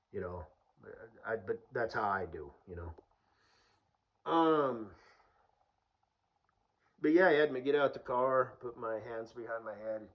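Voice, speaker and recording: A man's voice: mid-range voice, dull audio. Rambling, swearing young man telling stories. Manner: rambling, swears freely, with many fillers. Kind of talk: casual storytelling.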